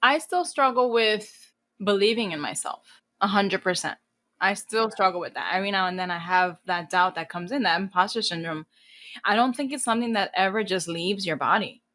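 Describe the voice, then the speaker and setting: A woman's voice: mid-range voice, moderate pace. A woman in her thirties from New Jersey, a guest on a podcast, talking candidly and bluntly with plenty of swearing and a few Spanish phrases. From New Jersey, USA. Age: 30s. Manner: blunt, profane and animated. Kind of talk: casual candid interview talk.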